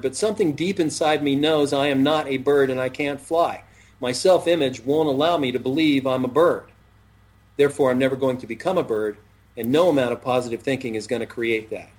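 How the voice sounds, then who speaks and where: Husky-voiced man preaching self-help. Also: a little high. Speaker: self-help show host. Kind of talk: motivational talk-show chat.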